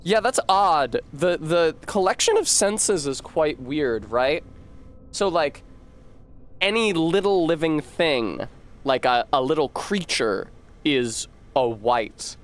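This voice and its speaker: A man's voice: fairly high pitch, expressive, slow. A man streaming a game, rambling to chat and reading word origins aloud with casual swearing.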